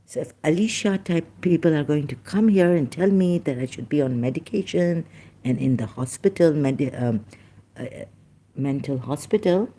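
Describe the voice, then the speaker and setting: Speaking at a normal speed in a warm, expressive mid-range voice, this YouTube host delivers a rambling, agitated rant aimed at commenters. Apologetic asides keep slipping into the monologue.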